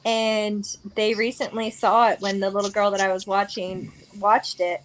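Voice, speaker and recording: A woman's voice: mid-range voice, level tone, moderate pace, poor audio. A woman in her forties hosting a casual chat, talking freely and laughing easily. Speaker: host.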